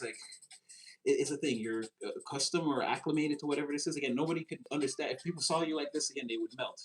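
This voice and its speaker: A man giving a casual tarot reading, excitable and rambling, with many restarts and fillers. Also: a little high, fast, poor audio. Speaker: tarot reader.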